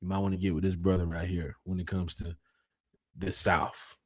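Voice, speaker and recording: A man hosting a casual fan podcast, reading out chat comments and giving shout-outs. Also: sits low, little pitch movement, moderate pace. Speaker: podcast host. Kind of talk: casual live-stream chat.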